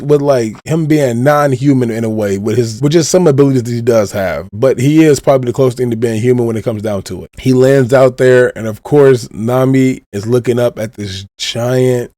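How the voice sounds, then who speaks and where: A man hosting a podcast, giving an animated, casual retelling and leaning on the same stock phrases. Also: mid-range voice, dry recording, studio quality. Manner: animated retelling, leans on "of course". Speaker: podcast host. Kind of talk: casual recap of a manga chapter.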